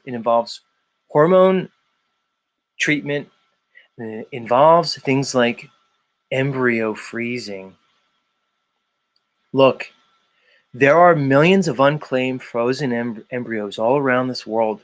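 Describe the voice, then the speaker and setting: A man hosting a livestream, ranting emphatically and swearing often. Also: mid-range voice. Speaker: livestream host. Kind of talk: profane rant.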